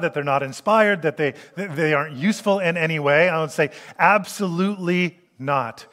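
A man preaching a sermon in an animated way, acting out the voices he quotes. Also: a little high, in a large hall.

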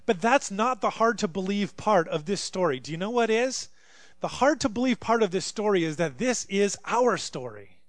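A man's voice: sits high, lively intonation, normal speed, no echo. A man preaching a sermon as a pastor, telling a story conversationally and asking rhetorical questions.

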